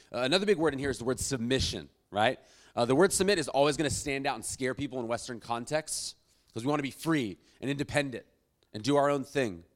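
A man delivers a sermon as a pastor, with a voice pitched squarely in the middle range. He talks with animation, pushing some lines out loud and emphatic and dropping others to quiet asides.

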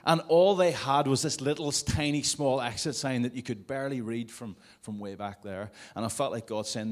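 A man's voice: mid-range voice, normal speed, few pauses. A man preaching a sermon to a congregation in a conversational way, with jokey asides. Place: church service before a congregation.

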